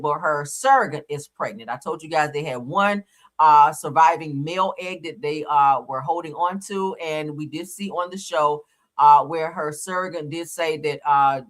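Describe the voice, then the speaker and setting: A woman's voice: sits low, fairly bright tone. A woman hosting a live reality TV commentary stream, chatty, slangy and opinionated. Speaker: channel host. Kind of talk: casual reality TV commentary livestream.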